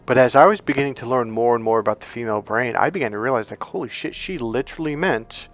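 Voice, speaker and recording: Animated male dating coach telling a story. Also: medium pitch, fast, soft background music. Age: young adult. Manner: animated, swears and acts out quotes. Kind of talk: casual storytelling monologue.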